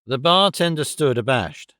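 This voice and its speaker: A man narrating a thriller audiobook in a measured storytelling voice. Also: mid-range voice, animated, bright, forceful tone, no echo, clean studio sound. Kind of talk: scripted narration.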